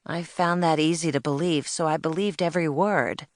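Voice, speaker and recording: A woman's voice: low-pitched, moderate pace, hardly any pauses, no room sound, clean studio sound. A woman narrating a children's audiobook in first person, telling it in the plain-spoken voice of a spirited young girl.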